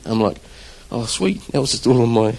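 A man stands before a church congregation and tells his story in an easy, conversational way. His pitch sits right in the middle of the range for a man. He plays out his own surprised reactions as he goes. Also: racing, low-quality recording. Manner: conversational, animated storytelling with acted-out quotes. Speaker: church drummer giving testimony. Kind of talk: church testimony.

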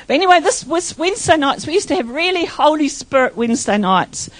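An older woman pastor with a high, light voice. She tells church stories in a rambling, heartfelt way, with many restarts. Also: sing-song, fairly quick. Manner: rambling, emotional storytelling. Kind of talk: church testimony.

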